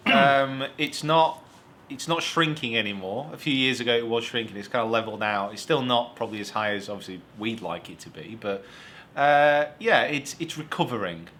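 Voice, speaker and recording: A man's voice: mid-range voice, normal speed, fairly bright tone, a little hiss or hum. A young man from the United Kingdom, a golf coach co-hosting a casual Q&A. He talks in an easygoing, rambling way. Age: young adult. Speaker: golf coach and show co-host. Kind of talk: casual Q&A chat.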